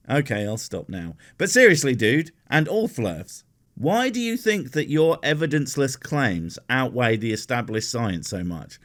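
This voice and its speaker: A man's voice: mid-range voice, very animated, a little slow, fairly bright tone. A man giving sarcastic, profane reaction commentary as the host of the show.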